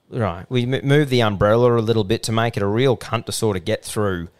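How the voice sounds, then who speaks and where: A man's voice: fairly low pitch, normal speed, clean tone. A young man with an Australian accent, co-hosting a podcast and telling blunt, sweary yarns in casual banter. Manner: blunt, sweary, laid-back yarn-spinning. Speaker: podcast co-host.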